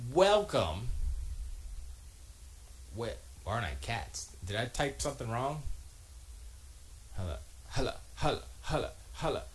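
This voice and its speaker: A man hosting a casual livestream from his home music studio, reading chat aloud and joking, with quiet muttered asides to himself. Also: mid-range voice. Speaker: live streamer reading chat.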